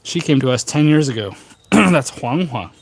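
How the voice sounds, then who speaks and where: A man's voice: a little high, animated, normal speed, gravelly, breathy edge. A man hosting a casual tea livestream from a rooftop, talking in a rambling, chatty way full of fillers. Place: outdoor rooftop.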